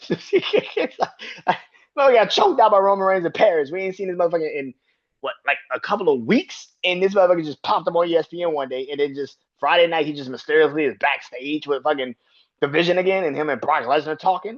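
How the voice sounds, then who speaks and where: A man hosting a podcast, reviewing wrestling in a casual, profane rant. He keeps jumping into high-pitched outbursts. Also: animated, brisk, muffled recording. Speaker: podcast host.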